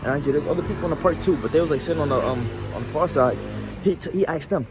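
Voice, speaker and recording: A man's voice: a little high, very fast, over music. A man telling a casual story to camera, slangy and rambling, often restarting his sentences. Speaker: vlogger.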